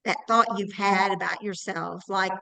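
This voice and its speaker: A woman's voice: mid-range voice, steady tone, measured pace, gravelly, pushed and bright, low-quality recording. A woman on a video call in an online class, earnestly explaining her point with examples. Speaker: class participant.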